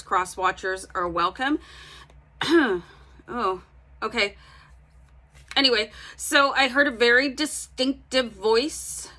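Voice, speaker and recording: A woman's voice: mid-range voice, sharp tone, a little hiss or hum. A woman giving a casual tarot reading, chatting directly to her viewers with plenty of fillers. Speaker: tarot reader.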